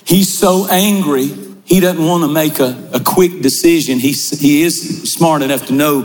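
Man, pastor, sermon, slow, shouted builds, large church, long echo, faint music. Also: on the high side. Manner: preaching with shouted builds and slow dramatic pauses.

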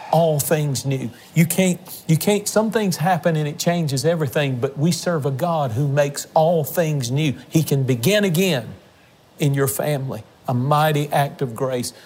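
A man's voice: on the high side, measured pace, a little mellow, slight background noise. A man hosting a religious television program, making an earnest, emotional fundraising appeal to viewers. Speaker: television ministry host. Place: on location.

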